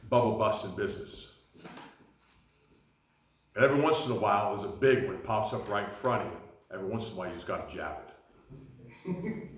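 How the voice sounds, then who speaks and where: Man in his 40s preaching, low voice, does the voices in his stories, echoey church room. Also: a bit bright. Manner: storytelling, acts out quoted voices. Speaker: pastor. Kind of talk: sermon.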